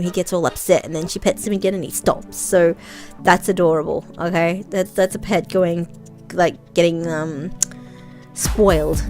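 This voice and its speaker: A woman vlogging casual commentary on video listings, rambling with many ums and frequent chuckles. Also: lowish voice.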